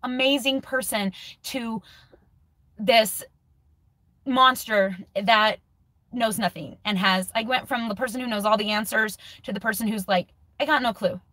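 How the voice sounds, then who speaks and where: A woman's voice: fairly high pitch, a little slow, sharp tone, no echo. A woman in her forties talking candidly in a personal video diary, thinking aloud, sometimes restarting her sentences. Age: 40s. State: close to tears. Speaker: vlogger.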